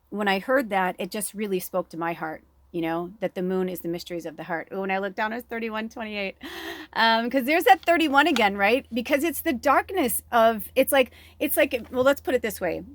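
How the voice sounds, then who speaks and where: A woman's voice: mid-range voice, dry recording. Chatty spiritual woman, dry close sound. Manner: candid, swears freely, laughs often, animated. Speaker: spiritual medium and oracle reader. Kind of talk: rambling personal chat.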